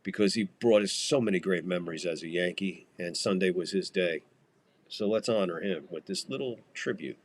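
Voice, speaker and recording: Brief: low-voiced American man, loose and profane play-by-play, jokey and rambling. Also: normal speed. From United States. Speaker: podcast host calling a baseball game. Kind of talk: casual live game commentary.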